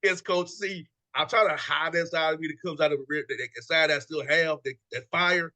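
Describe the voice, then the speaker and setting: A man hosting a casual chat show, with a bright, forceful voice. He sounds playful and laughs easily while talking with his guest. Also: on the high side, fairly quick. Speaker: show host.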